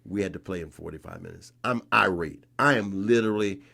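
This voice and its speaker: A man in his sixties from North Carolina, a guest in a conversation, telling a story in an animated way and re-enacting scenes with rising emphasis. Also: sits low, a little fast, gravelly. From North Carolina, USA. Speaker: interview guest.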